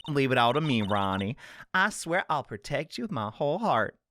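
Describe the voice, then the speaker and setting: A man's voice: mid-range voice, sing-song, moderate pace, pushed and bright, slight background noise. A man voicing a gushing, doting woman in a video game playthrough, sugary and affected.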